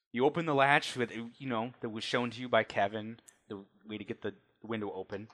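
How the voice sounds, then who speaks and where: A man's voice: medium pitch, steady tone, fairly quick, few pauses, a bit bright, slight background noise. A man narrating as game master of a tabletop role-playing game, telling the scene in a loose, conversational way.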